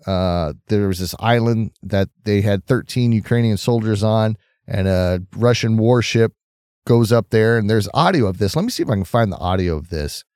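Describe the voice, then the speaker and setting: Middle-aged man, from Southern California, low voice, opinionated casual news commentary, dry close sound. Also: darkish tone, smooth, dry recording. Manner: conversational, opinionated, reacts to news aloud. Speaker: host of a news commentary stream.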